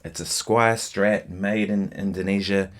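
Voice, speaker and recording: A man giving a casual guitar lesson, chatting in a relaxed, rambling way with lots of fillers and asides, guitar in hand. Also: low voice, measured pace. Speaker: guitar teacher. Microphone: single mic, holding guitar while talking.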